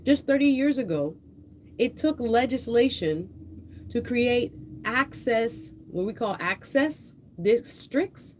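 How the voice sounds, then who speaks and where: Hosting a live political talk stream, a woman delivers casual commentary in a passionate, conversational way, speaking straight to her viewers. Her slightly high voice is a little mellow, with lively intonation and an unhurried pace. She uses a headset mic in a home streaming setup, and a faint hiss or hum can be heard.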